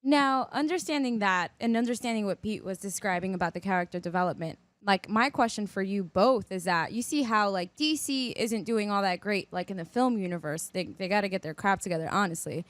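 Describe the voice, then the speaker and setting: A female podcast co-host chats casually and presses the others with playful, probing questions. Her voice has a middle pitch. The recording is dry and close. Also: fairly quick, hardly any pauses, no room sound. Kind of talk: casual chat.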